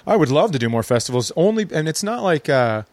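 A man's voice: on the high side, big pitch swings, fast, no room sound. A man from Minnesota, a guest comedian, telling stories in a wry, laid-back casual chat.

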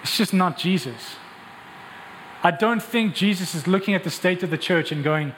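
A man preaching with a fairly high voice, pressing his points with rhetorical questions and quick restarts. His voice rings with a long reverb through a large church hall, over a faint ambience. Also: animated, a bit bright, slight background noise. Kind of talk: sermon.

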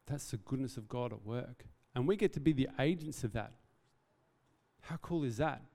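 Aussie pastor guy preaching, warm mellow voice, long echo in a church hall. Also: mid-range voice, animated, normal speed, creaky. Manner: earnest, conversational, self-deprecating asides. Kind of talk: sermon. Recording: reverberant hall.

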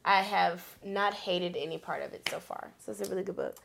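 A woman's voice: on the low side, vocal fry, fairly bright tone, a little hiss or hum. A tipsy young woman co-hosting a casual podcast, telling stories and laughing often. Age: young adult. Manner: storytelling, laughs often, quick bursts. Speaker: podcast co-host. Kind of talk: casual chat.

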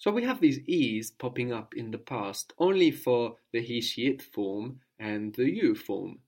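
A man with a mid-pitched voice gives a language lesson. He explains the grammar patiently, one step at a time, and keeps stopping to prompt his student for the next answer. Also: lively intonation, unhurried, a little mellow. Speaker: language teacher.

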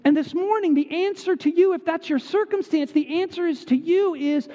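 A man with a high voice preaches an impassioned sermon in a church, his tone swinging between hushed and raised. The sound is dull, with a long reverb trailing off each phrase. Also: normal speed, hardly any pauses. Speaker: pastor.

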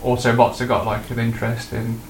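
Guy co-hosting a casual podcast, mid-pitched, rambling and laughing, recorded in a roomy space with a faint hum behind. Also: fairly quick. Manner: excitable, laughing, rambling explanations. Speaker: podcast co-host. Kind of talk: casual chat.

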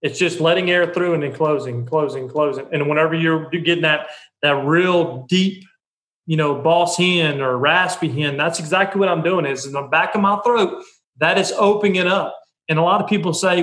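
A man's voice: fairly high pitch, normal speed, fairly bright tone, echoey room. A man who makes duck calls, a guest on a podcast, earnestly explaining throat technique in casual talk. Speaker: duck call maker guest.

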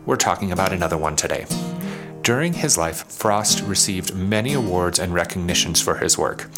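A man hosting an educational poetry podcast, reading a scripted lesson that explains syllable stress, slowing down to sound out example words. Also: low voice, animated, music in the background. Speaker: podcast host.

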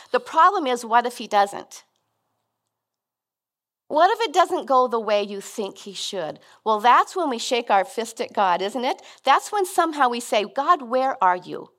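Middle-aged woman, guest preacher, a bit high-pitched, earnest and chatty. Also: fairly bright tone. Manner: conversational, earnest, with frequent restarts. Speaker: guest speaker. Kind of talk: sermon.

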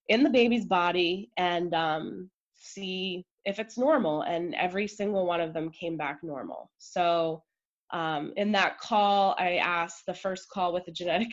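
A woman guest on a podcast, telling a personal story in an emotional, chatty way full of "like" and quick asides. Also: on the low side, dull audio.

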